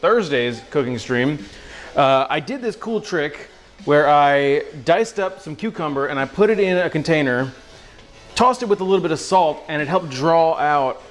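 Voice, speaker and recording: A young man hosting a casual cooking livestream, joking and chatting with his viewers as he cooks. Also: fairly high pitch. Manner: playful, joking, talks to chat viewers.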